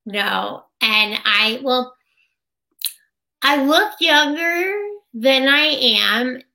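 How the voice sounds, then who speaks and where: Woman interview guest, bright forceful tone, casual and chatty, voices others in her anecdotes. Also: high-pitched, expressive, extremely slow, gravelly. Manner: chatty, acts out others' lines while telling stories. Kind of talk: casual personal storytelling.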